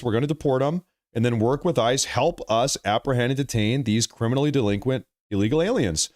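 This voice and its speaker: Brief: male livestream host, sarcastic ranting political commentary, voice going hoarse, mid-range pitch. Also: a little fast, hardly any pauses, darkish tone. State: losing his voice.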